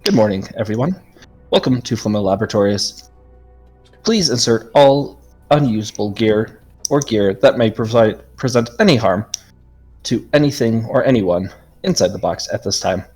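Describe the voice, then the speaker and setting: A man's voice: on the low side, animated, normal speed, a little mellow, slightly rough. A man reading out an automated laboratory announcement in a formal, impersonal tone during a tabletop game, with faint music behind.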